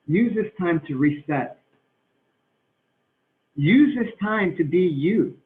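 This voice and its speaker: Emphatic man on a tinny, echoey call. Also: a little high. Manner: emphatic, repetitive, drawn-out for emphasis. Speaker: motivational speaker. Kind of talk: motivational talk to a group call. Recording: tinny, roomy, distant from mic.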